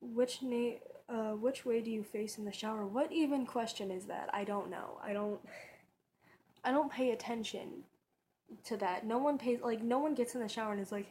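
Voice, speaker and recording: A woman's voice: on the high side, moderate pace, darkish tone, a little hiss or hum. A woman vlogger talking casually in her bedroom, rambling and chatty, with lots of fillers and restarts. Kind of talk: casual tag video chat.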